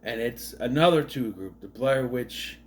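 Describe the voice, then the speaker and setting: A man's voice: mid-range voice, expressive, unhurried, a little hiss or hum. A man casually recapping a movie, rambling with fillers and restarts and dropping sardonic, questioning asides. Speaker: movie commentary host.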